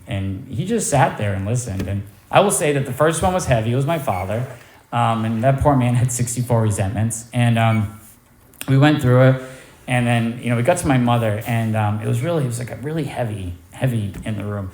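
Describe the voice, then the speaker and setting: A man shares his recovery story at a meeting, candid and quick to poke fun at himself. His voice sits at an ordinary pitch. It rings in a roomy, echoing space. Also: a little mellow. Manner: candid, self-deprecating storytelling. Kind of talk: personal recovery testimony. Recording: echoey room.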